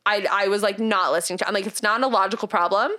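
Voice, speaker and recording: A woman's voice: mid-range voice, quick pace. A woman talking casually as a podcast guest, rambling through personal stories with lots of fillers. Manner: rambling, animated storytelling with many fillers.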